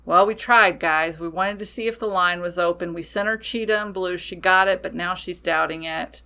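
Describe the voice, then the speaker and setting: A woman's voice: fairly low pitch, moderate pace, bright, forceful tone, clear, resonant tone. A woman voicing a group of eager spirit guides, talking in a chatty, playful way.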